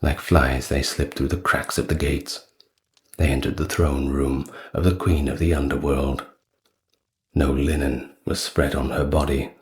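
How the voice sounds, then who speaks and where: A man narrating old myths in a soft-spoken, calm ASMR storytelling style. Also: rumbling low. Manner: slow, calm, even reading of ancient myth.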